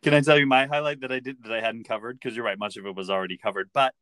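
A man's voice: medium pitch, fairly even intonation, rapid-fire, bright, forceful tone, no room sound. A man hosting a podcast, chatting casually with wry, playful, mock-serious humor. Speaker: podcast host. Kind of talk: casual chat recapping a TV episode.

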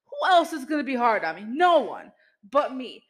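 In a low-quality recording, a podcast host with a high, sing-song voice speaks at a moderate pace. The emphatic motivational talk is aimed right at listeners, called "y'all," and dotted with "you know" and light cursing.

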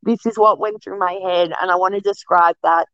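A woman's voice: on the low side, fairly even intonation, brisk, a bit bright, dry recording. Blunt Australian woman, dry dull sound. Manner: blunt, laughs often, swears freely. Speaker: guest. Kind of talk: casual interview chat.

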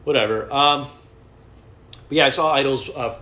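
A man's voice: medium pitch, normal speed, pushed and bright. A man telling a rambling, profane, self-deprecating story in a casual vlog. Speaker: vlogger. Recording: roomy with faint ambience.

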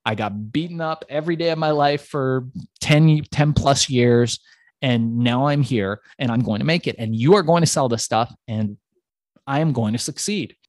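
A man's voice: medium pitch, normal speed, dry recording, clean studio sound. A middle-aged man from Iran telling his story as a podcast guest, acting out the people he met along the way. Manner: animated storyteller who acts out the people in his stories. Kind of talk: storytelling in a conversational interview.

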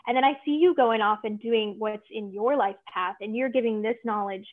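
A woman's voice: on the high side, moderate pace. Young woman guest, earnest casual talker, recorded over a tinny phone-like remote line. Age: young adult. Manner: earnest, many fillers and "like". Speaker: guest, tarot reader and witch. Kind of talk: casual interview chat.

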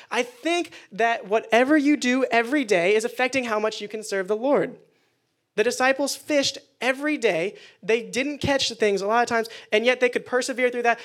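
Young male youth pastor, higher-pitched, animated and chatty in the pulpit. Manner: animated, acts out quoted prayers. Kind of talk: casual youth sermon.

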